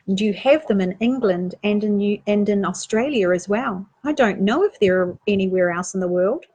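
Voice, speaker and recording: A woman with a New Zealand accent reading a children's picture book aloud, gently asking young listeners questions as she goes. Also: mid-range voice. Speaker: storytime reader.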